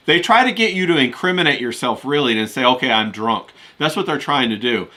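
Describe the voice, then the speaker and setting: A man's voice: a little high, pushed and bright. A man in casual chat, telling a rambling story with lots of filler. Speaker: podcast co-host.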